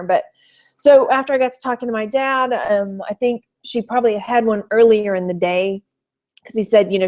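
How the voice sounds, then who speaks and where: A woman from Texas chatting casually on a live stream, rambling through a personal story with lots of "you know" fillers and pausing to greet viewers by name. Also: mid-range voice, a little mellow. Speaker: thrift reseller vlogger.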